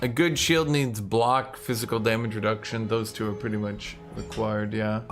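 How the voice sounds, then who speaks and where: Male game streamer, loose chatty talk to viewers with casual swearing; clear music bed behind him. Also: fairly low pitch, steady tone, normal speed. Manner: frustrated, swears casually, talks to chat.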